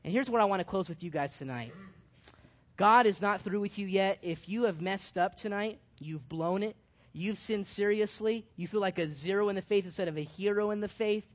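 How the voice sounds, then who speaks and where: Man, youth Bible study leader, animated and jokey with shouted emphasis, muffled lo-fi sound. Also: sits high, brisk. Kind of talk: lively Bible study teaching with props. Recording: dull lo-fi sound.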